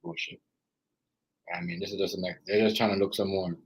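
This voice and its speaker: A man's voice: low-pitched, little pitch movement, very fast, husky, rough recording. A man with a Jamaican accent chatting casually on a live stream, rambling and repeating himself as he greets viewers.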